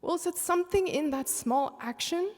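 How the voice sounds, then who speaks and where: A woman's voice: very high voice, moderate pace. A woman on a church panel telling a personal faith story with feeling. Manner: emotional storytelling, breaks into tears. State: tearful, voice breaking. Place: large church sanctuary. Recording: long echo of a big sanctuary.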